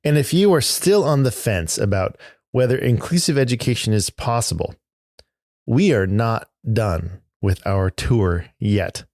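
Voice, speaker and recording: A man hosting a podcast, narrating in a measured, earnest scripted delivery. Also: medium pitch, animated, darkish tone, no echo, clean studio sound. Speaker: podcast host.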